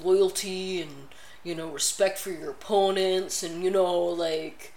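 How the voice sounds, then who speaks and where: A woman mimicking an awkward, earnest male wrestler who talks in halting, self-serious phrases. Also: fairly low pitch, steady tone, a little mellow, echoey room.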